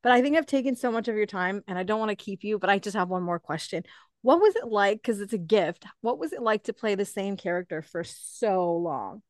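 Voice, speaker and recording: A woman's voice: medium pitch, animated, fairly quick, no room sound, clean studio sound. A young woman hosting an interview over a video call, talking in a gushing, chatty way full of fillers. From Canada. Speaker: host. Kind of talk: casual interview chat.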